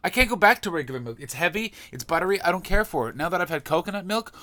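A man's voice: high voice, expressive, no echo. A man, a comedian, telling a story in a casual monologue, swearing freely and ranting. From Canada. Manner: profane, ranting, quick shifts in loudness.

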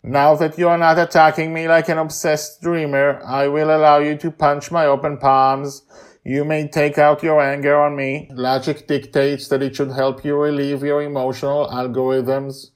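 A man voicing a calm, formal, logical male being who speaks precisely. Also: fairly high pitch, moderate pace, voice pushed up, lightly acted.

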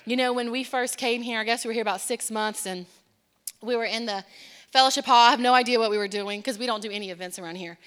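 A woman preaching a sermon in a church, impassioned, moving between hushed, quiet passages and emphatic, building lines. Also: on the high side, quick pace, clean tone, big-room sound. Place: church sanctuary.

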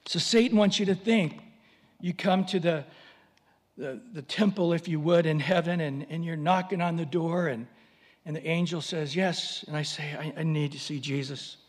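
A man's voice: a little high, moderate pace, big-room sound. A man preaching a sermon, telling a story animatedly and acting out voices.

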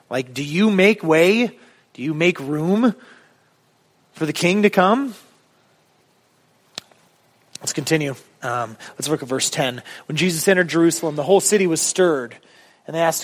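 A man's voice: fairly high pitch, animated, moderate pace, pauses often, fairly bright tone, big-room sound. A man preaching a sermon as pastor, casual and conversational with many ums, building to emphatic questions. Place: church sanctuary.

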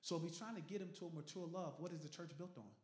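A pastor preaching a sermon, animated and swinging from loud to hushed, talking casually with the congregation. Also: male voice, a little high, fast. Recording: roomy echo.

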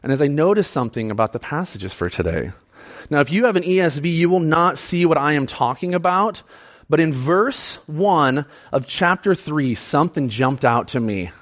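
A young man preaching a sermon in an excitable, chatty, self-deprecating way. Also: on the high side, moderate pace.

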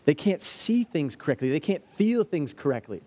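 A man's voice: fairly high pitch, sing-song, moderate pace, warm tone. A man preaching a sermon as a pastor, earnest and story-driven, sometimes acting out the anxious voices of children. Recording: hall with long reverb.

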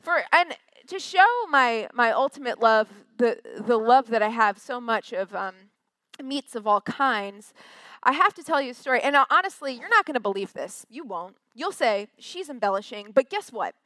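A woman's voice: a little high, expressive, normal speed, sharp tone, no room sound. A young woman from Westchester, chatty and self-deprecating with many fillers, telling a personal story on stage.

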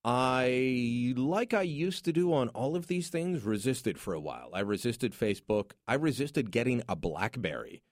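A man's voice: mid-range voice, big pitch swings, moderate pace, hardly any pauses, no echo, studio quality. A man hosting a talk radio show, speaking in an opinionated, jokey, conversational way. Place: radio studio.

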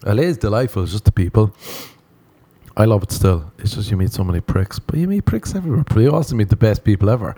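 A man's voice: on the low side, animated, quick pace, creaky, warm tone. A man doing a rambling, self-mocking comic monologue with a foreign accent. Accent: non-American. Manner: rambling, self-mocking, playful voices for quoted people. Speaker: comedian.

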